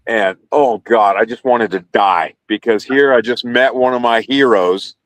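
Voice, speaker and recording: A man's voice: mid-range voice, unhurried, no echo. A middle-aged man telling a long personal story on a video call, rambling and correcting himself, with laughs along the way. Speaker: podcast guest, former carrier sailor. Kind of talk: casual storytelling interview.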